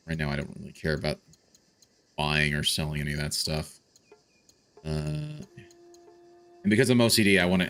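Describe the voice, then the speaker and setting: This gaming streamer chats casually while he plays, thinking aloud with lots of filler and frequent restarts. His voice is low and creaky, yet fairly bright in tone.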